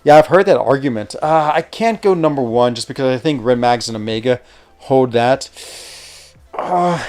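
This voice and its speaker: A man hosting a live stream, chatting casually while he plays a game. He thinks aloud, reacts quickly to what happens on screen and often trails off mid-sentence. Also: mid-range voice, lively intonation, a little mellow. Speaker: streamer and show host. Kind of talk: casual live gameplay commentary.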